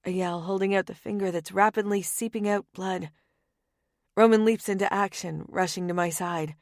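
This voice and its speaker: A woman's voice: medium pitch, steady tone, moderate pace, no room sound, studio quality. A woman narrating a romance audiobook in the first person, wry and conversational.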